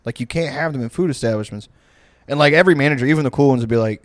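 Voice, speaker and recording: A man's voice: medium pitch, racing, no echo, clean studio sound. A young man co-hosting a podcast, telling profane, rambling comic stories and laughing often. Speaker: podcast co-host. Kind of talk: casual comedic storytelling.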